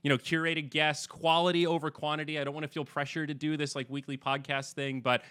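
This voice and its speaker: A man with a deep voice hosting a podcast interview, talking in a relaxed, rambling way. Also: a little fast, clear, resonant tone, dry recording. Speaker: podcast host. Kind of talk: casual interview chat.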